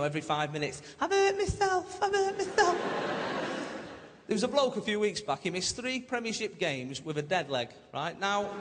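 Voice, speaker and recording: Performing stand-up on a big theatre stage, this young Mancunian comic with a Manchester accent is cheeky and chatty, trading banter with the audience. His voice is on the high side and the recording is very noisy, echoing with loud laughter and applause.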